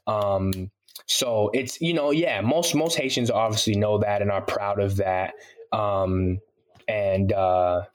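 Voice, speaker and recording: A man talking loosely as an interview guest, relaxed and slangy, with lots of "you know" fillers. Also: fairly low pitch, takes it slowly. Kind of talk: casual interview chat.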